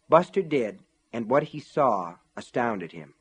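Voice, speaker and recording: A man reads an audiobook in a measured, steady voice. His tone is husky and sits at a middle pitch. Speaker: audiobook narrator. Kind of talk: scripted audiobook narration.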